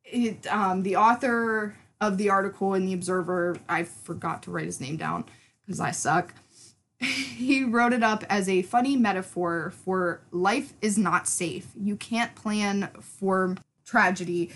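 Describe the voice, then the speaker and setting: A woman in her thirties with a hoarse throat, co-hosting a casual podcast chat in an animated, rambling way. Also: mid-range voice, measured pace. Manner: animated, rambling with many "like" fillers. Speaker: podcast co-host.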